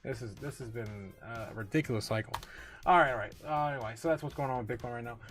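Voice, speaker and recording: A man hosting a casual livestream, reading viewer comments aloud, laughing often and getting excited, full of drawn-out fillers. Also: medium pitch, faint music behind. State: tipsy, recovering from a night of drinking. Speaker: livestream host.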